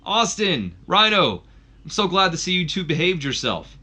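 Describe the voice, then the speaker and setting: A man voicing a confident male wrestling champion who talks slowly. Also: mid-range voice, expressive, pitched above the performer's own voice, natural voice. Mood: cocky.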